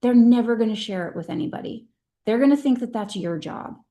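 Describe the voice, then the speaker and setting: A woman's voice: on the high side, expressive, fairly quick, highs cut off. A middle-aged woman leading her sales team on a video call, speaking in an earnest, emphatic and heartfelt way. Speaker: direct-sales team leader.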